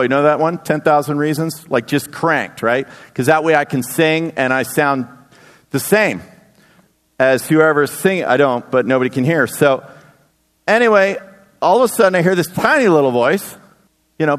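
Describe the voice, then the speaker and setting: A man in his thirties preaching a sermon in a church, energetic, with sudden loud bursts. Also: on the high side, normal speed. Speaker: pastor. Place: church sanctuary. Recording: long hall reverb.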